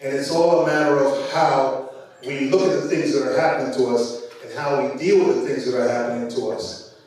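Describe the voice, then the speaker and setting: A man's voice: medium pitch, steady tone, a little fast, recorded from a distance. Jamaican man speaking in an echoey hall. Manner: conversational and warm-hearted, frequent fillers and repeated words. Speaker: conference speaker. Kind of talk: motivational speech. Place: large conference hall.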